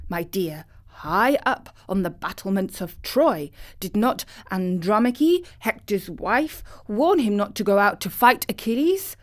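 A woman voicing a proud, excitable male rooster who declaims loudly and insistently. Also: medium pitch, lightly acted.

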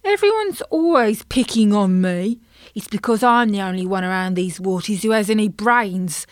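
A woman's voice: medium pitch, expressive, moderate pace, dry recording, studio quality, close to an everyday voice. A woman voicing a grumpy, pompous male carp who is big and vain, talking in a huffy, self-important way. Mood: indignant.

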